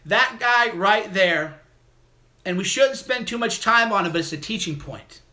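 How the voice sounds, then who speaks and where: Male call-in host, high-pitched, sharp and tense, insulting and repetitive. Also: lively intonation, measured pace. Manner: aggressive, mocking and insulting; repetitive, emphatic delivery. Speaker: livestream host. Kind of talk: call-in livestream rant.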